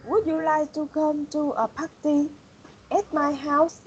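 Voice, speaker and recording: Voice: high-pitched, little pitch movement, slow pace, muffled recording, a little hiss or hum. An English student carefully reading practice dialogues aloud in a lesson.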